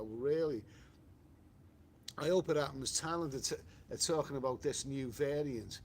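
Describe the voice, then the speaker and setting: A man's voice: mid-range voice, measured pace, a little hiss or hum. A man with a Liverpool accent hosting a travel live stream, reading viewer comments aloud in a loose, rambling way with many restarts and fillers. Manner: rambling, frequent restarts and "you know" fillers.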